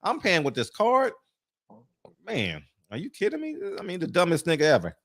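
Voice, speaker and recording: Lively man talking with big pitch swings. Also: normal speed. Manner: animated, laughing, mocking impressions. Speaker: show host. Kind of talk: casual barbershop chat.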